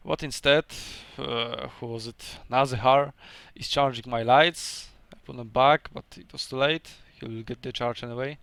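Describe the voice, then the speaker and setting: A man whose first language is Polish talks through a strategy game battle in a casual, halting way, pausing on fillers as he thinks aloud. His voice is smooth and resonant at a middling pitch. The sound is dry and close, with no room echo. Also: fairly even intonation, fairly bright tone. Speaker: game commentator. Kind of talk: casual gameplay commentary.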